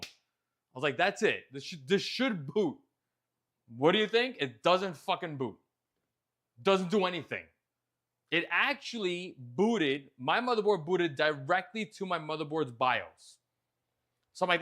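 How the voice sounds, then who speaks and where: A lively man with a somewhat high voice tells a story as a casual show host. His pitch swings widely as he recounts his frustration. He swears freely and sounds exasperated. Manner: animated, frequent swearing, exasperated retelling.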